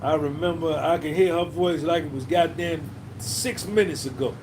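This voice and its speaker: A man's voice: a little high, normal speed, a little mellow, slight background noise. Rambling, cursing man with a raised voice. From New Jersey. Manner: rambling, profane, reminiscing, reading out chat names. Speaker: podcast host. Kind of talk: casual livestream chat.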